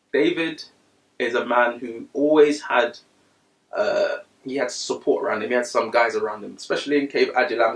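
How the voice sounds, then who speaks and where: A man preaching a sermon, reading scripture quietly and then rising to loud, high-pitched bursts of passion. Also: reverberant, far from the mic, poor audio.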